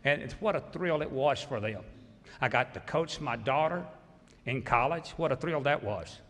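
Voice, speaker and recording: Southern-accented man, 60s, folksy and thankful coach at the podium, bright and forceful, echoey hall. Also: mid-range voice, animated, normal speed. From Mississippi. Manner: folksy, grateful, humorous. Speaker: basketball coach. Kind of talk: hall of fame acceptance speech. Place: large hall.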